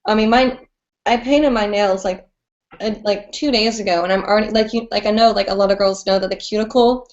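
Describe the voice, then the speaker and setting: A woman's voice: medium pitch, fairly even intonation, brisk. Bubbly chatty woman host. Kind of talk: live-streamed chat show. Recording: dull lo-fi stream audio.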